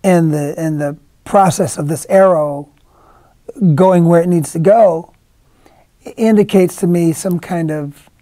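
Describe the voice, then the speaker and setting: A man's voice: a little high, measured pace, dark tone, no echo. A middle-aged male actor in a casual interview, rambling through anecdotes with many restarts and acted-out quotes. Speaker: actor guest.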